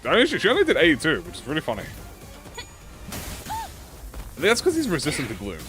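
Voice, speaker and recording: Lively, playful male gamer. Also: fairly high pitch, a little fast, soft background music. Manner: playful and excitable, swears freely, talks to the game. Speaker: gaming channel host. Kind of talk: casual gameplay commentary.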